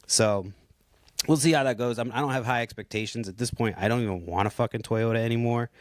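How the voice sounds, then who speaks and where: A man's voice: mid-range voice, fast talker, dry recording, clean studio sound. A man in his thirties hosting a podcast, ranting casually and heatedly with lots of profanity and restarts. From Puerto Rico. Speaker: podcast host.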